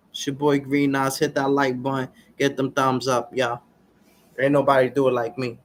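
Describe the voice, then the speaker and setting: A man vlogging in a casual, preachy rant full of street slang, often turning to his viewers with "y'all" and getting loud and animated when worked up. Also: mid-range voice, normal speed. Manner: street slang, repeats "y'all" and "you understand what I'm saying". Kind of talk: casual ranting commentary to viewers.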